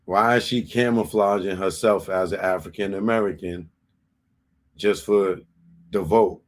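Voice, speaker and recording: A male comedian hosting a live show, talking slowly and deliberately in an exasperated tone. He keeps hammering the same point, saying it again and again. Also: deep voice, fairly even intonation. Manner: exasperated, repeats himself. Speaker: comedian host.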